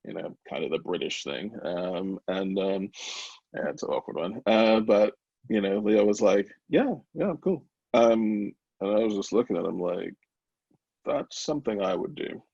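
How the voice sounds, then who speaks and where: A man's voice: low voice, normal speed, vocal fry, darkish tone, slightly rough, no echo, lo-fi sound. A man, founder of a small company, talking candidly in an interview, open and emotional, with many fillers and restarts. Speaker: brownie company founder, guest.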